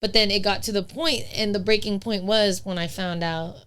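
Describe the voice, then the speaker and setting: Smooth-voiced young woman telling it bluntly. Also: mid-range voice, steady tone, moderate pace, fairly bright tone. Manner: candid, blunt storytelling with swearing. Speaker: podcast guest. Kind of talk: casual chat.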